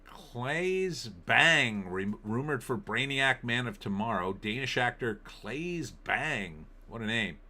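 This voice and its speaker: A man's voice: mid-range voice, lively intonation, takes it slowly, bright, forceful tone. A middle-aged man hosting a casual live-stream, rambling and opinionated as he reacts to entertainment headlines and viewer comments. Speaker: political commentary host.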